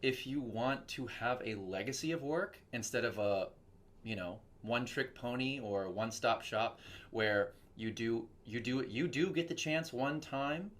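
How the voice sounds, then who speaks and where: A man's voice: medium pitch, unhurried. A young man, a voice actor from Texas, chatting casually in an interview and acting out quoted voices as he tells stories. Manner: animated storytelling with quoted voices. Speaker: voice actor guest.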